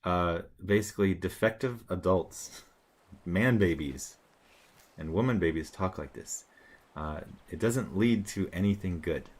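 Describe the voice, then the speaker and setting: Low-voiced and unhurried, this man delivers sarcastic commentary on online posts. The monologue drifts casually, and he often uses fillers and starts over.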